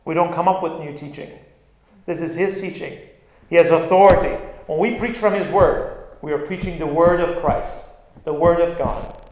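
A male pastor preaching an animated sermon, stressing lines and acting out quoted words. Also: on the high side, normal speed, a little hiss or hum. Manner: animated, acts out quotes with bursts of emphasis. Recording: very echoey room.

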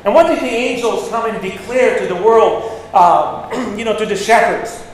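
A man preaching a sermon, blunt and forceful, with sudden loud peaks. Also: high-pitched, moderate pace. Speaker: pastor. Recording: echoey hall with long reverb, faint noise.

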